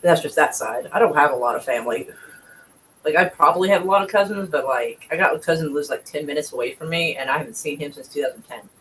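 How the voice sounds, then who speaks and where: A man's voice: a little high, fast talker, bright, forceful tone, a little hiss or hum, low-quality recording. A man chatting casually and at length, rambling and swearing freely. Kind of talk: casual chat.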